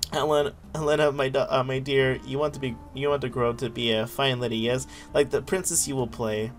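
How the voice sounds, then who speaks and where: A man reading as a stern, gentle father. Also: medium pitch, flat delivery, normal speed, faint music behind, close to an everyday voice.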